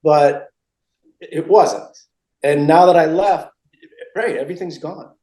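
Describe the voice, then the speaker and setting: In a casual storytelling interview, a middle-aged Massachusetts man rambles, repeats himself and keeps restarting. His voice is a little high, slow and dark, captured in a roomy space on poor audio.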